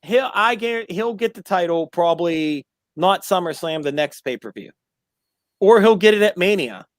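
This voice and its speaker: A man hosting a sports talk show, arguing his point in an insistent, animated way. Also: high-pitched, normal speed, dry recording, studio quality. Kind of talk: casual debate.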